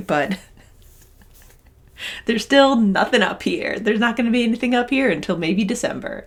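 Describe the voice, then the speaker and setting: Gushing, chatty young woman vlogger. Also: medium pitch. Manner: gushing, chatty, rambling with restarts. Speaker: knitting vlogger and yarn dyer. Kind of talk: casual vlog chat.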